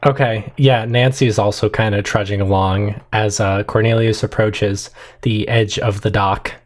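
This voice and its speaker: A man's voice: fairly low pitch, fairly even intonation, normal speed. A man narrating as game master in a casual, laid-back way.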